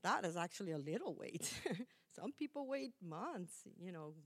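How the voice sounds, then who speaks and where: A woman's voice: fairly low pitch, sing-song, moderate pace. A middle-aged woman preaching a conversational sermon, chatty and self-correcting, laughing at herself now and then.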